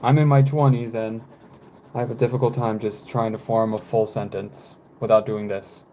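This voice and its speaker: A man in his twenties, chatting casually on a live stream, rambling with frequent fillers and halting pauses. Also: lowish voice, little pitch movement, warm tone, a little hiss or hum. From United States. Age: 20s.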